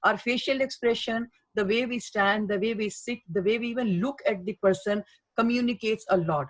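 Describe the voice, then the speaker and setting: A woman's voice: on the high side, moderate pace, low-quality recording. Earnest woman lecturing. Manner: earnest, repetitive emphasis, lists of qualities. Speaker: healthcare communication trainer. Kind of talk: webinar lecture. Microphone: webinar microphone.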